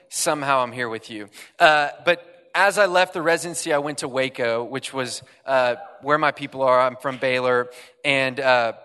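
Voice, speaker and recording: A man's voice: on the high side, sharp tone, clean tone. A young man giving a self-deprecating, chatty talk to an audience on a handheld mic, joking as he tells a story. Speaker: guest speaker. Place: large hall with audience. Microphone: handheld microphone. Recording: long hall reverb.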